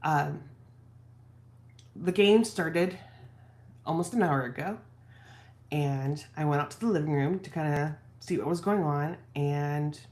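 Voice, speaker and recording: A woman's voice: deep voice, a little mellow. A woman vlogger candidly telling a personal story from home, quoting her husband and herself as she goes. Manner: candid, reflective, quotes husband in her own voice. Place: at home office.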